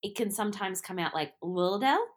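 A woman's voice: on the low side, normal speed, slight background noise. A young adult woman with an Australian accent, co-hosting a podcast in casual chat, self-deprecating and giggly, tripping over words. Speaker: podcast co-host.

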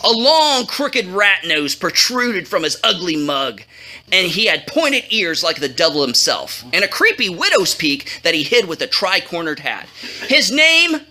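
A woman's voice: fairly low pitch, very animated, a little slow, sharp tone. A woman telling a comic storybook tale to a young audience, playful and jokey, teasing her listeners.

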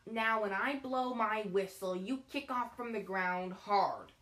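A woman voicing a stern, tough female flying teacher, loud, slow and commanding, in a roomy room with a distant mic. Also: lowish voice.

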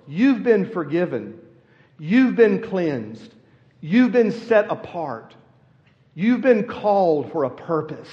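Man, guest preacher, sermon, storytelling with emphatic peaks, somewhat high voice, muffled recording. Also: very animated, slow pace, a little mellow. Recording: long reverb, dull lo-fi sound.

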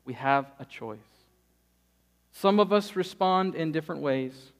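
Guy pastor, fairly high voice, lively sermon, tells stories and does the voices. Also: unhurried. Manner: lively storytelling, acts out quotes.

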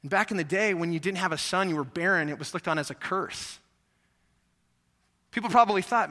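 Bright-voiced animated preacher man. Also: sits high, a little fast, long pauses. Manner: animated, acts out voices, asks the audience questions. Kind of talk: sermon. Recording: echoey hall reverb.

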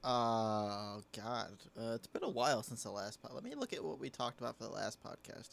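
Gravelly young guy podcast co-host. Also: mid-range voice, expressive, normal speed, a little hiss or hum. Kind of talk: casual chat.

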